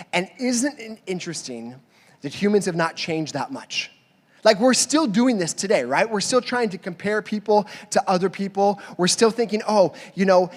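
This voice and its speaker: High-voiced pastor in a reverberant hall. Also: male voice. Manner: animated storytelling, acting out both sides of a dialogue. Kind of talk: sermon.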